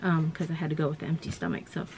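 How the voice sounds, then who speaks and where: A woman vlogger with a low, gravelly voice rambles through a personal story in casual chat, leaning on "you know" and "like" as she goes. A faint ambient hum sits behind her. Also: flat delivery, rapid-fire, a little mellow.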